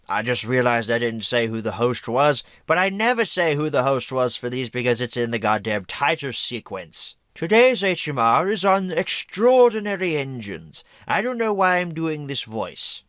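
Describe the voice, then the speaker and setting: A man hosts a review vlog in a casual, opinionated, chatty way, poking fun at himself. His pitch moves around a lot, and the recording sounds dry and close. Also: big pitch swings, normal speed, hardly any pauses, a bit bright, dry recording. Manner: chatty, opinionated, self-deprecating. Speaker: host of a home media review show.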